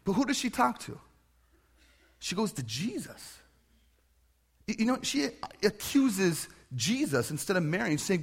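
Animated male preacher. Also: sits high, normal speed, slightly rough. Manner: conversational, animated with questions. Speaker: pastor. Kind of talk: sermon.

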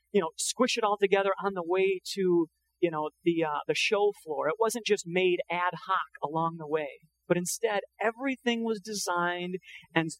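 A man's voice: sits high, fairly bright tone, a little hiss or hum, low-quality recording. A man preaching a sermon in an earnest, conversational way, often quoting scripture. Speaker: pastor.

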